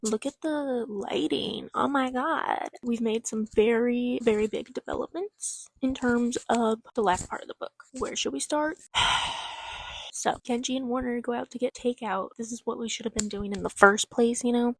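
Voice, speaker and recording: A young woman in a casual reading vlog, excitable and rambling, swearing freely as she reacts. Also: a little high, moderate pace, vocal fry. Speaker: book vlogger.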